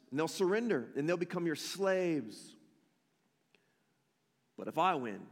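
A boastful giant warrior bellows a challenge across the battlefield, daring the enemy to send its best fighter, as a high-voiced male preacher puts him on. The voice sits high and rings out with a long hall echo.

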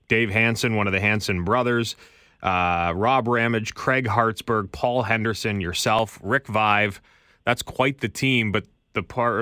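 A man hosting a podcast, asking measured questions and listing names with pauses. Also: fairly low pitch, bright, forceful tone, no room sound, studio quality. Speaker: podcast host. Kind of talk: interview questions.

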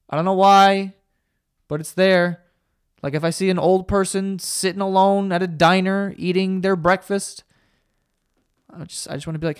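A young man with a high voice rambles through a solo podcast, swearing freely and tossing out sarcasm. He trips over his own words and laughs them off, jumping from one gripe to the next. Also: fairly even intonation, moderate pace, clean tone, dry recording, clean studio sound. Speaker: podcast host. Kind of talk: casual solo podcast rant.

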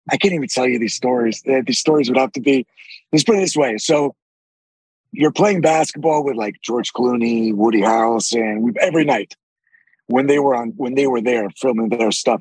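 A man with a deep, raspy voice, telling animated stories with frequent swearing as a podcast guest. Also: fairly quick, no echo, rough recording. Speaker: actor guest. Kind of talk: casual podcast interview.

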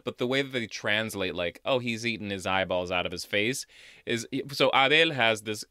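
A man co-hosting a podcast, chatting about a horror film with enthusiastic, animated reactions. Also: on the low side, moderate pace, clean tone, dry recording, studio quality. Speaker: podcast co-host. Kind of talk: casual film recap chat.

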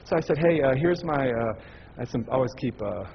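A man telling stories in a sermon to a church audience, acting out the people he talks to in an animated way. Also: mid-range voice, fairly quick, gravelly, muffled recording, a little hiss or hum. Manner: animated, acts out dialogue. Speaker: evangelist speaker.

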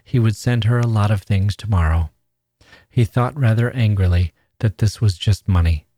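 A man, a podcast host, reading a classic short story aloud in a measured, even way. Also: fairly low pitch, no room sound.

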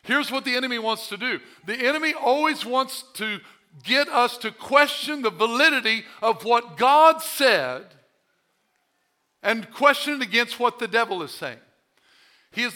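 A man's voice: very high voice, animated, normal speed, bright, forceful tone. A male pastor preaching a sermon, emphatic and full of rhetorical questions.

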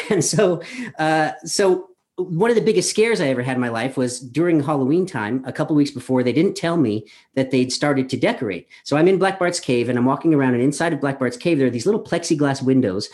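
A man's voice: a little high, expressive, brisk, darkish tone. A man in his thirties from Colorado, telling a personal story live over a video call from his apartment, chatty and self-deprecating with plenty of fillers. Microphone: webcam on a video call.

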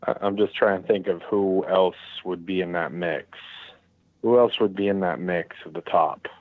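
A man's voice: sits low, moderate pace, phone-quality sound. A man co-hosting a casual sports podcast, arguing his points bluntly. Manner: blunt, argumentative. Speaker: podcast co-host. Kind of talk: casual chat.

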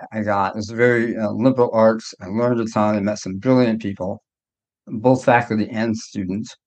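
A middle-aged man, a doctor, telling his own story in a candid interview in a reflective way, often restarting his sentences. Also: fairly low pitch. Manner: reflective, with frequent restarts and hedges. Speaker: guest, doctor.

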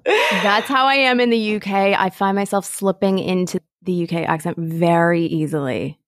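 An American woman co-hosting a podcast, speaking in a measured, reflective way. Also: mid-range voice, no echo. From United States. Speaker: podcast co-host. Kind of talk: casual chat.

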